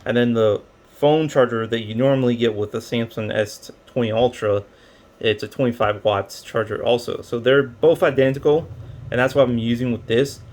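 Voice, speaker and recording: A man's voice: mid-range voice, steady tone, normal speed, a little mellow. A man giving a casual, rambling product review, explaining with many fillers and restarts. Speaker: tech reviewer.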